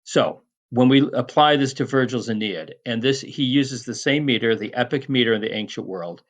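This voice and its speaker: Guy teaching latin meter, middle pitch, stops and restarts a lot. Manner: measured, frequent restarts and fillers. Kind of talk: recorded lecture.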